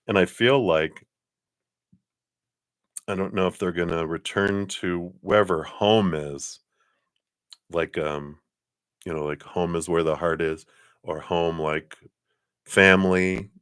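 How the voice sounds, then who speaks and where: Deep-voiced chatty male tarot reader. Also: fairly bright tone, clean tone, no room sound, studio quality. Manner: chatty, laughs often, acts out little quotes. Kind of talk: live-stream card reading, casual chat.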